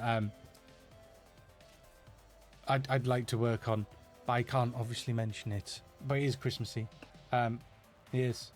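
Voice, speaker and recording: A middle-aged man from Yorkshire with a Yorkshire accent, casually answering viewer questions in a live Q&A, chatty and self-deprecating with lots of fillers and restarts. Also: mid-range voice. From Yorkshire, England.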